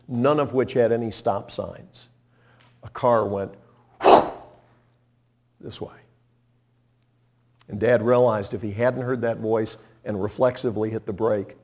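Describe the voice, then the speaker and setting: Slow, impassioned male preacher. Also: medium pitch. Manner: impassioned preaching with big swings from hushed to loud; folksy, storytelling. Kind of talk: sermon.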